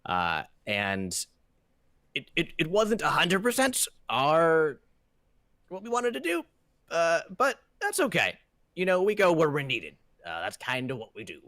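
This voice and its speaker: A man's voice: on the high side, wildly swooping pitch, pushed and bright, no room sound, clean studio sound, voice pushed up, exaggerated voice. A man doing a chatty dwarf foreman. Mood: folksy. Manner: rambling, halting with fillers. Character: gruff male dwarf foreman, chatty and folksy.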